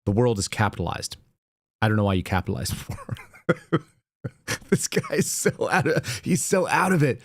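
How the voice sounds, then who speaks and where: A man hosts a live commentary show and picks apart the news with sarcastic, mocking remarks. His voice sits at a middle pitch for a man. The recording is dry, with no room echo. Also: big pitch swings, moderate pace, long pauses, breathy edge. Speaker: show host.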